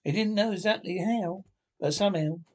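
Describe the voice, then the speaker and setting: A man voicing a sensible, earnest male water rat in a storybook reading, telling things slowly and emphatically. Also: high voice. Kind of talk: storybook character voice.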